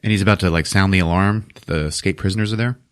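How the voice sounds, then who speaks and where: A man casually recapping a movie for a podcast, swearing, laughing and acting out the characters in quick voices. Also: deep voice, a bit bright, clean tone. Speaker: podcast host recapping a film.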